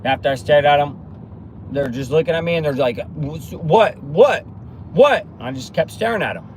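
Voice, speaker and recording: A man talking through a motivational monologue, animated and storytelling, with acted-out bits of other people's lines. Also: medium pitch, fast, slight background noise. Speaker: motivational speaker.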